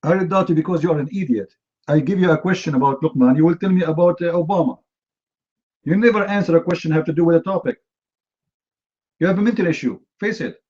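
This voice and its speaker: A man's voice: on the high side, fast, a little mellow, lo-fi sound. A man hosting a heated live online debate. He talks in non-native English with fillers and repeats, and fires off mocking rhetorical questions. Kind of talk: heated live-stream commentary.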